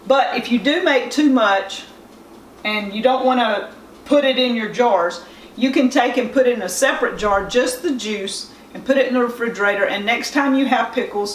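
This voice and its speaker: A plain-spoken Southern woman with a slightly high voice hosts a home cooking demonstration, explaining each step in a homespun way. She is recorded from a distance, and the room sounds echoey, with a faint hiss underneath.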